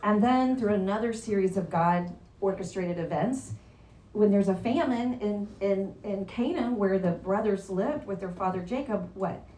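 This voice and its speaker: A woman with a mellow, medium-pitched voice leads a casual Bible lesson at a measured pace, chatting away and quizzing her class as she goes. The recording has a roomy echo and faint background noise.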